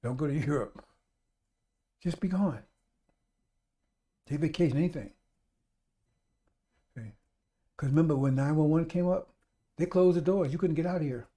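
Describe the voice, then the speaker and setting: Urgent, mellow-voiced male radio preacher. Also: on the high side, normal speed, pauses often. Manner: urgent, repetitive exhortation; addresses listeners as brothers and sisters. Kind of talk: sermon on a live radio stream.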